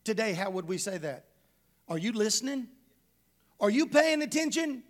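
A man's voice: sits high, very animated, normal speed. A middle-aged male pastor preaching a sermon, emphatic and conversational, full of rhetorical questions to the congregation.

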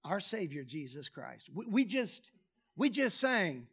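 A man preaching a sermon, lively and humorous, dropping low and soft on key phrases. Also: unhurried, slightly rough. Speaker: pastor. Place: church sanctuary.

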